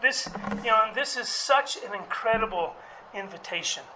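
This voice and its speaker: A man's voice: high-pitched, moderate pace, noisy background. A male pastor preaching a sermon in a conversational way, with fillers and restarts, rising to emphatic calls.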